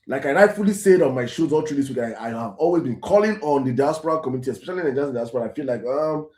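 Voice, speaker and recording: A man's voice: medium pitch, expressive, very fast, darkish tone, reverberant. A Nigerian man hosting his own show, giving emphatic commentary that repeats key phrases and slips into Pidgin. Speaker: host. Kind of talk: impassioned commentary.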